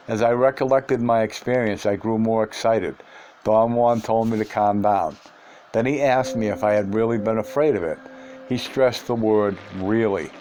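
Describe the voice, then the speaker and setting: A man reading a first-person book aloud in a measured, earnest way. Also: on the low side, darkish tone, a little hiss or hum. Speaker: audiobook reader.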